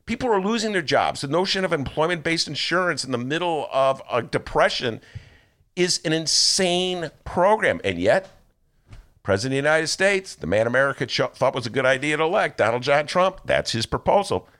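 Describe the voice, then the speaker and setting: A man hosting a political talk show, sarcastic and animated, laughing often as he comments. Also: on the high side, moderate pace.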